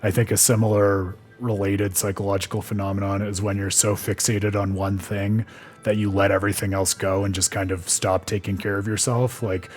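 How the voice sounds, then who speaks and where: A man's voice: fairly low pitch, flat delivery, moderate pace, darkish tone, a little hiss or hum. A man hosting a stream, chatting casually and analyzing the story, with plenty of fillers. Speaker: streamer and host.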